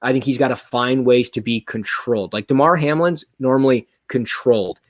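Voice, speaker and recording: A man hosting a sports podcast, talking in a rambling, excitable way with many restarts. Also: mid-range voice, moderate pace, no room sound, studio quality. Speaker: podcast host. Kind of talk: casual sports chat.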